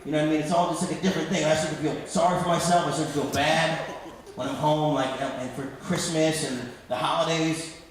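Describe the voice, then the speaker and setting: A man's voice: a little high, fairly even intonation, quick pace, a crowd in the background. A man in his thirties doing a rambling, self-deprecating stand-up comedy set on a club stage. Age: 30s. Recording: echoey club hall. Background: audience laughter.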